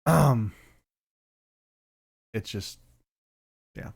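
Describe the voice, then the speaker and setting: A tired man co-hosting a casual podcast chat, easygoing and quick to laugh. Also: mid-range voice, animated, creaky, breathy edge. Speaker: podcast co-host.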